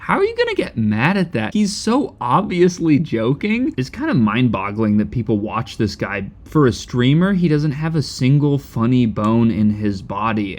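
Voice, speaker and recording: A man's voice: mid-range voice, a little mellow. A man giving a mocking, incredulous reaction commentary on a streamer's clip.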